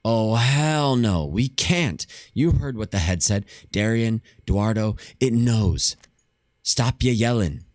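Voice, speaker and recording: A man's voice: lowish voice, expressive, slow, darkish tone, dry recording, clean studio sound, voice pushed up. A man doing a jumpy, whiny young daredevil.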